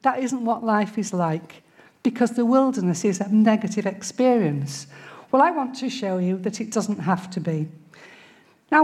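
A middle-aged woman gives a sermon in a church, speaking at an ordinary, mid-range pitch. Her delivery is conversational and direct, and now and then she acts out whiny complaints to make her point. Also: a little mellow. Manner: conversational, playfully acts out grumbling voices. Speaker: preacher.

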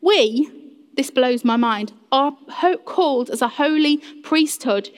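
A woman's voice: high voice, lively intonation, slow. A woman preaching a sermon in earnest, addressing the congregation directly and acting out quoted voices. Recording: long reverb of a large hall.

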